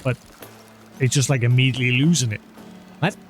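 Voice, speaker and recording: A man's voice: medium pitch, fairly quick, faint music behind. A man streaming a video game live, chatting casually and coaxing an in-game cat with a playful voice. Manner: chatty, talks to in-game cat, baby-talk and meowing. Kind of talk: live gameplay commentary.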